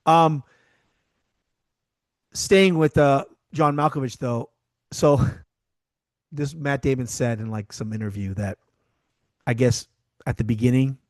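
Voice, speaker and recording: A podcast co-host chats casually about a film, telling anecdotes and often trailing off and restarting. His medium-pitched voice moves at a slow pace with long pauses, and there is no room sound.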